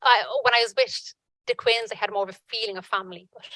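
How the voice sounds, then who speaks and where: A woman giving earnest personal testimony at a conference panel, halting with frequent restarts. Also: mid-range voice, fairly even intonation, pushed and bright, dry recording, rough recording.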